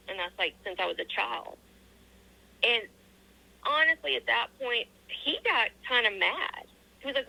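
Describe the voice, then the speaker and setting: A woman with a very bright, sharp voice answers interview questions. She tells her story earnestly, with many ums, and acts out the quoted back-and-forth of a conversation. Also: mid-range voice, normal speed, creaky, low-quality recording. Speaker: interview guest.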